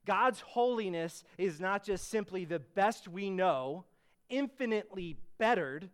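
Earnest man preaching, bright clear voice. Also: high voice, expressive, a little slow. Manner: earnest teaching, rising to emphatic bursts on key words; frequent fillers and restarts, conversational asides. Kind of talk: sermon.

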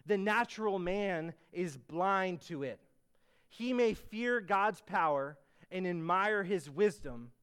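A man delivering a sermon in a smooth, resonant voice pitched a little high. He teaches earnestly and conversationally, with fillers and restarts, then lifts into emphatic bursts on key words. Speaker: preacher.

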